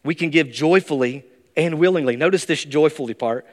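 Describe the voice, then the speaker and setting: A man preaching a sermon as pastor, emphatic and rising into high, excited bursts. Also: a little fast. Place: church sanctuary. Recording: long reverb of a church hall.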